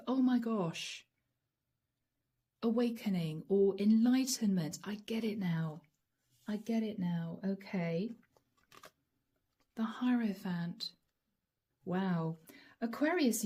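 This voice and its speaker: A hoarse woman giving a channeled tarot reading, musing aloud and speaking straight to viewers by star-sign nickname. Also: mid-range voice, mellow. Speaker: tarot reader.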